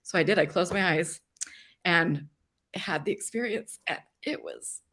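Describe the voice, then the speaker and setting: A woman's voice: lowish voice, unhurried, bright, forceful tone, breathy edge. A woman hosting a live stream, chatting casually with many fillers, emotional and tearful at times. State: crying at times. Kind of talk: casual chat.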